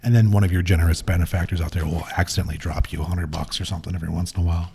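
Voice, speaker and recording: Deep-ish guy on a podcast explaining stuff, husky, mellow tone. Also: fairly even intonation, racing. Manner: explaining things at length, matter-of-fact. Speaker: podcast guest. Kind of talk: casual chat.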